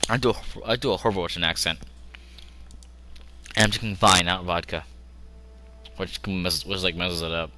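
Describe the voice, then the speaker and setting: A young man with a bright, forceful voice sitting at his computer, rambling and joking through a strategy game. His pitch sits a little low, and he talks to himself as he gives orders. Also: fairly even intonation, normal speed, long pauses, a little hiss or hum, poor audio. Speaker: gameplay commentator. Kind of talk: casual gameplay commentary.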